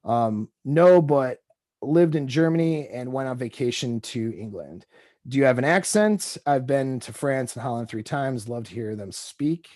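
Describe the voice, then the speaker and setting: A man with an average-pitched voice works through text exchanges as a dating coach, reading lines aloud and commenting in a loose, rambling way. The sound is close and dry, with almost no room around it. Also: lively intonation, a little slow, a little mellow, no echo. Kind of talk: casual commentary on text messages.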